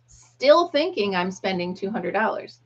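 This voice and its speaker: A woman's voice: mid-range voice, sing-song, a little slow, muffled recording. A middle-aged woman hosting a live stream, chatting casually and acting out what people said in her story. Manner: chatty storyteller, acts out quotes. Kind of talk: casual chat with viewers.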